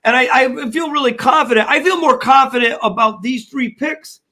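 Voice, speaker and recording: A man's voice: extremely high pitch, moderate pace, sharp tone. An older man co-hosting a sports podcast, rambling and repeating himself as he banters and tells stories. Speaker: podcast co-host.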